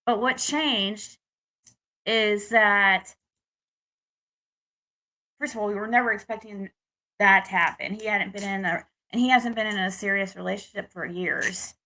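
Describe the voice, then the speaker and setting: A woman's voice: medium pitch, steady tone, a little slow, pauses often, bright, forceful tone. A young adult woman from the United States telling a rambling personal dating story to her viewers, with restarts and frustrated venting. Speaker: vlogger. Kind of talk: casual personal story to camera.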